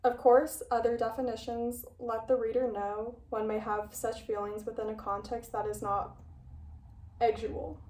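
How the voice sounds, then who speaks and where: Young woman, video essayist, rather high voice, chatty and self-correcting, a bit breathless, roomy echo, somewhat off-mic. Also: level tone, a little slow, darkish tone, distant mic. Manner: chatty, self-interrupting, playful asides. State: slightly out of breath. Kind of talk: casual video essay with read-aloud passages. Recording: echoey room, voice a bit off-mic.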